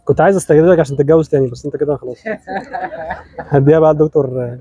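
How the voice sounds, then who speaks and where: Man, Egyptian accent, wedding officiant, playful sermon, high pitch, dry close sound. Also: steady tone, racing, dark tone, breathy edge, no echo, highs cut off. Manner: teasing, jokey, addresses the couple directly.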